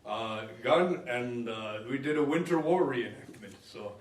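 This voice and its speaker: A man's voice: medium pitch, animated, measured pace. A man from Minnesota chatting between songs at a live concert in a library, rambling and joking with filler hesitations. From Minnesota, USA. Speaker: musician and performer. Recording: roomy hall, mic at a distance.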